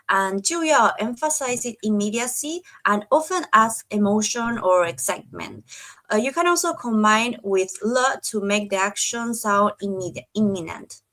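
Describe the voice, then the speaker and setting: A woman's voice: medium pitch, fairly bright tone, rough recording. A woman co-hosting a Chinese grammar lesson, explaining carefully and giving examples. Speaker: Chinese teacher.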